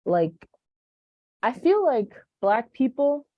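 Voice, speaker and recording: A young woman hosting a podcast, speaking casually with a naturally monotone voice. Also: sits high, slow pace, no echo. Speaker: podcast host. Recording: dull, dry sound.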